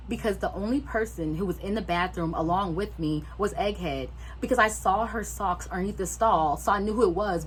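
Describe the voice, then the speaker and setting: A young woman vlogger telling a storytime, swearing freely and acting out everyone's lines in lively voices. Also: lowish voice, slight background noise, low-quality recording. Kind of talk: storytime vlog.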